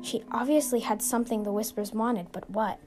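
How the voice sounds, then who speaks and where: A woman's voice: on the high side, fairly quick. A woman hosting a show, narrating a scripted suspense story in an earnest, suspenseful way. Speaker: storyteller and podcast host. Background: music.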